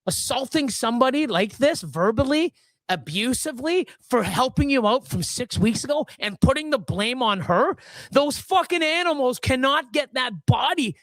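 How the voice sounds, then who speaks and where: A woman's voice: sits high, lively intonation, normal speed, no echo. A woman hosting a livestream, ranting angrily with heavy swearing and many restarts. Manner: furious, profane, many restarts. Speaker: livestream host. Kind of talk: angry live-stream rant.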